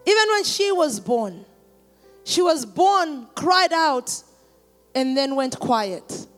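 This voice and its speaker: A woman preacher, likely in her thirties, delivers a sermon in a high-pitched, animated voice at a slow pace, with faint music in the background. She moves from quiet personal testimony to shouting calls at the congregation.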